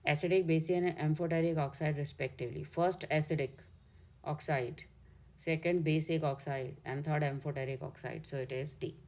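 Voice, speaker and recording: Indian woman, chemistry tutor, low voice, methodical step-by-step explaining. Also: fairly even intonation, normal speed, a little mellow. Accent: Indian English. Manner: step-by-step explaining, corrects herself mid-way. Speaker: chemistry teacher. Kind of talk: exam solution walkthrough.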